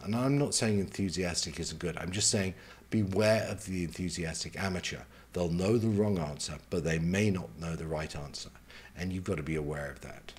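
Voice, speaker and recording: A man speaking as a career mentor, giving advice in a measured, conversational way and taking his points one at a time. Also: low-pitched, a little mellow, slightly rough.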